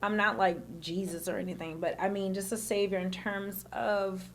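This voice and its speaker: A woman's voice: mid-range voice, flat delivery, normal speed. A woman from the American South chatting casually on a livestream, rambling with many fillers and restarts.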